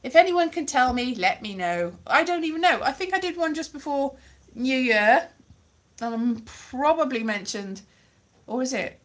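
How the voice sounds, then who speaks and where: A woman with a slightly high, bright, forceful voice talks loosely and wryly, drifting from topic to topic. She sounds like she is speaking into a phone held at arm's length during a casual live stream. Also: lively intonation, measured pace. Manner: rambling, wry, self-deprecating. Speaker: vlogger.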